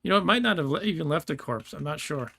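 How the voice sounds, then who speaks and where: A man's voice: fairly high pitch, expressive, fast, creaky, pushed and bright, dry recording. A man giving casual let's-play commentary, thinking aloud and laughing often, with keyboard clicks behind him. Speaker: gameplay streamer.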